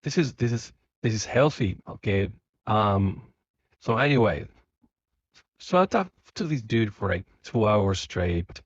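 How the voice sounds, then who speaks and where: A man's voice: fairly low pitch, lively intonation, measured pace, slightly rough, dry recording, dull audio. A man from Spain talking to himself while driving home, rambling casually with lots of fillers and restarts. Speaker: vlogger. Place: car.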